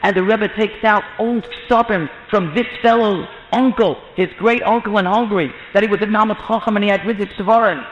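A man with a strikingly high voice tells an inspirational religious story, lively and animated as he acts out the people in it. The sound is muffled, and it carries a long echo from a large hall. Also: brisk, hardly any pauses, a little hiss or hum. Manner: animated, acts out quoted voices with rising pitch. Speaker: storyteller, mohel. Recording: muffled lecture in a reverberant hall.

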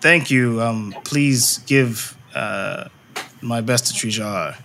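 A man's voice: mid-range voice, slow pace, sharp tone, a little hiss or hum. A man voicing a grumpy king who speaks formally and curtly at a royal gathering in a tabletop game. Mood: stately. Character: grumpy aging male king holding court.

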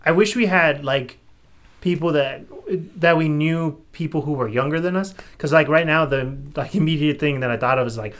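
Young man chatting casually, slightly higher pitch. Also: moderate pace, a bit bright. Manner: rambling, opinionated, frequent "like" fillers. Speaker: podcast co-host. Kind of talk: casual chat.

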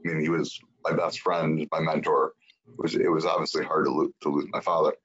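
A man's voice: rumbling low, little pitch movement, fairly quick, a bit bright, breathy edge. A man speaking as a senator guest in an interview, earnest and reflective. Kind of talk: political interview talk. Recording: dull lo-fi sound.

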